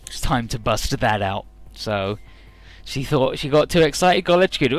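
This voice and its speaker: A man's voice: lively intonation, normal speed, faint music behind. A man doing comedic game commentary, summarizing the story in a sarcastic, crude way. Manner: jokey, mocking, squeaky falsetto for characters. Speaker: let's play commentator. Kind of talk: comedic retelling of game dialogue with put-on voices.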